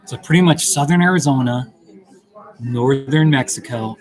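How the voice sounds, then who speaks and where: A man hosting a casual livestream from a busy coffee shop, chatty and playful as he reads questions aloud. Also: medium pitch. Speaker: livestream host. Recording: noisy coffee shop crowd. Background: loud crowd chatter.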